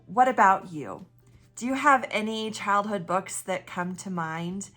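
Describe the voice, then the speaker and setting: Over soft background music, a female pastor preaches in a warm, chatty style, questioning her audience directly and bringing a story to life with lively energy. Her tone is bright and clear, her pitch medium, her pace unhurried.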